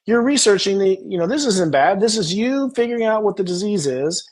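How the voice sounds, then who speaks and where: A man hosting a casual spiritual coaching chat, animated and acting out tender inner dialogues. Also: high-pitched, quick pace, few pauses. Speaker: astrologer host.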